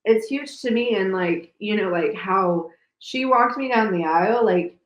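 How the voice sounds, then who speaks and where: A woman's voice: medium pitch, a little slow. Emotional, gushing woman co-host in a roomy space. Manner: emotional, gushing, many fillers. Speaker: podcast co-host. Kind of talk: casual chat. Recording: roomy echo.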